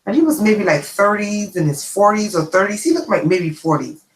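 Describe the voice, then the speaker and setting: A woman's voice: medium pitch, moderate pace, reverberant, rough recording. A woman host telling a personal story in a casual livestream chat, often checking in with her listeners. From immigrant to the United States. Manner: chatty, animated, checks in with "okay?". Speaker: channel host.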